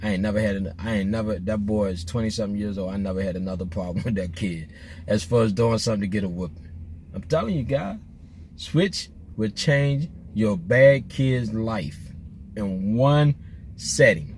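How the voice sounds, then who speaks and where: In a fairly low, darkish voice at a moderate pace, the middle-aged vlogger chats from his car, relaxed and joking. His meandering stories are full of slang and restarts, over slight background noise.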